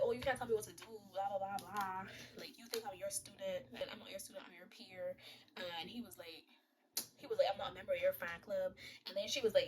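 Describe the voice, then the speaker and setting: Chatty young woman recapping a movie. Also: medium pitch. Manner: chatty, retells scenes in quick quoted voices, laughs often.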